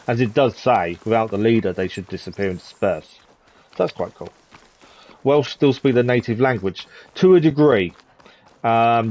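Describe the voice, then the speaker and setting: A man's voice: mid-range voice, darkish tone. A man from the East of England chatting casually as he plays a game on stream, thinking aloud with plenty of ums. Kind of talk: casual gameplay commentary.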